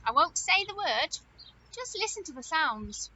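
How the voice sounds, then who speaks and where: A woman teacher leads a phonics lesson for small children in a high, bouncy voice that swoops up and down. She speaks slowly and draws out her words in a sing-song, encouraging way. The recording is dull and lo-fi, with clear background noise. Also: sing-song, sharp tone.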